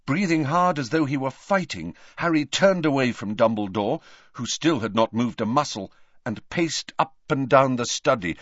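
A man narrating a fantasy novel as an audiobook in an expressive, dramatic storytelling manner, recorded dry and slightly muffled. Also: mid-range voice, no room sound. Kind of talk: scripted narration.

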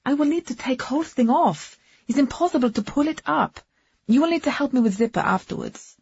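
A woman's voice: high-pitched, lively intonation, brisk, gravelly, a little mellow, husky, highs cut off, voice pushed up, heavily acted. A woman putting on a rich, frank, flustered foreign woman. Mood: exasperated. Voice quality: broken English, drops articles.

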